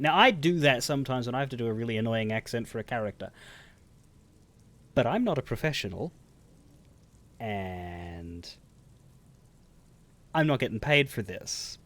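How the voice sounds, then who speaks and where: A man's voice: mid-range voice, animated, moderate pace, pauses often, a bit bright, no room sound. A man live-streaming a game, commenting casually in a rambling, self-interrupting way.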